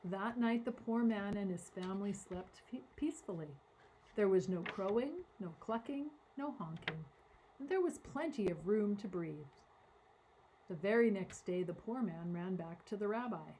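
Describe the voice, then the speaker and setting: A woman reading a story aloud to children in an animated, dramatic way, giving voices to the characters. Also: mid-range voice, normal speed, background noise. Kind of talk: expressive read-aloud storytelling.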